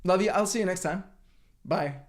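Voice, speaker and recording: Energetic man giving a motivational talk. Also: sits high, normal speed. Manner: energetic, emphatic, casual with swearing. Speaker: business coach and channel host.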